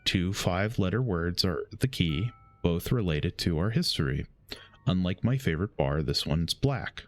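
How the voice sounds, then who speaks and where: A young man streaming a game, reading its letters aloud slowly and often stumbling and correcting himself. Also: deep voice, lively intonation. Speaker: gaming streamer.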